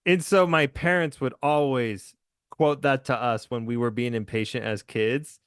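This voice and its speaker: A man in a casual podcast chat about a film, eager and quick to laugh. His voice sits at a middle pitch and sounds dry and close, with no room around it. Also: fairly even intonation, clear, resonant tone, no room sound. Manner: enthusiastic, laughs often, restarts. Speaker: podcast host. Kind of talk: casual movie discussion.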